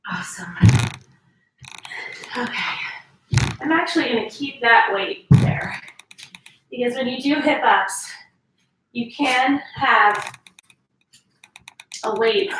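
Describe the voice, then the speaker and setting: Woman fitness instructor, slightly high voice, coaching reps, recorded from a distance in an echoey room. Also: a bit bright, slight background noise. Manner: coaching, counts reps, urges squeezing. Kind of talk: workout instruction.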